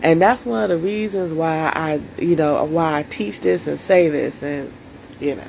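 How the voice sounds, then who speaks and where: A woman's voice: low voice, moderate pace, creaky, darkish tone, slight background noise, low-quality recording. A woman coaching viewers on self-care in a solo live stream, earnest and emotional, speaking straight to her audience.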